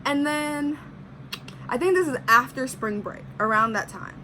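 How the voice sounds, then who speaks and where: A woman's voice: high voice, lively intonation, measured pace, bright, forceful tone, a little hiss or hum, rough recording. A young woman vlogger chatting through a personal story, full of "like" and acting out what people said. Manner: chatty, heavy use of "like", acts out quotes. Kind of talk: casual storytime.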